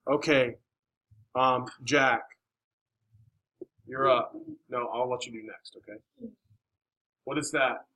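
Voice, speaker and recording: A male math teacher with a bright, forward voice working through problems in a classroom. He coaxes his students along with questions, praise and frequent "all right"s. His pitch sits in an ordinary middle range for a man. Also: steady tone, slow, long pauses, low-quality recording. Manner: encouraging, coaxing questions, many "all right"s.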